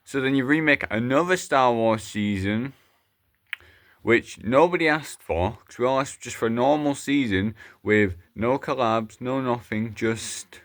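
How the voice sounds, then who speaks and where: A man's voice: mid-range voice, measured pace, a bit bright. A man narrating a plush toy skit in a rambling, chatty way, with some swearing. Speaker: plush video creator.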